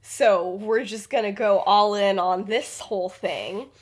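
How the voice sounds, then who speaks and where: A flustered teenage girl, anxious and in denial about her feelings, gushing far too eagerly, as a woman storyteller puts her on. She rushes through her words, casual and chatty, all nerves. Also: mid-range voice, breathy edge.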